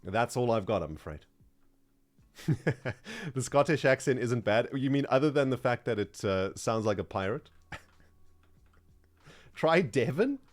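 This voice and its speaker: A man streaming casually, chatty and self-mocking about his own efforts. His voice is mid-pitched but very animated, jumping around a lot as he talks. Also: normal speed. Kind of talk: casual livestream chat.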